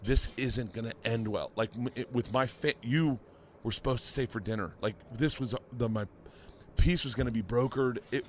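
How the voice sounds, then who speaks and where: A middle-aged man, a comedian, telling a story on a podcast in a casual, animated way, swearing freely and acting out what others said. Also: mid-range voice, moderate pace, a little hiss or hum. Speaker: comedian guest.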